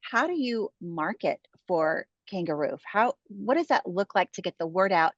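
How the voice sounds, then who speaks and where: A fairly low-voiced woman hosting a business interview. She speaks in an encouraging way and murmurs agreement often. The sound is dry and a little muffled. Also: expressive, normal speed, dry recording. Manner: supportive, frequent affirming murmurs. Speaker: interview host. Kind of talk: conversational interview. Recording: slightly dull dry recording.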